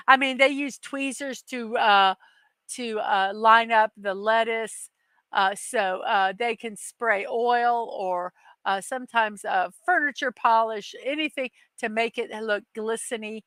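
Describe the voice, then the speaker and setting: A woman's voice: a little high, takes it slowly, a bit bright, smooth, dry recording. A middle-aged woman hosting a daily morning show, chatting casually with many fillers and reading viewer comments aloud. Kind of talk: casual live-stream chat.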